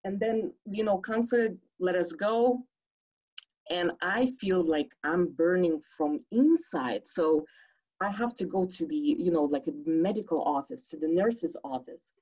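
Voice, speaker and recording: Woman, personal storytelling, animated, acts out quotes, husky, slow, slightly muffled recording. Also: fairly low pitch. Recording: slightly dull lo-fi audio.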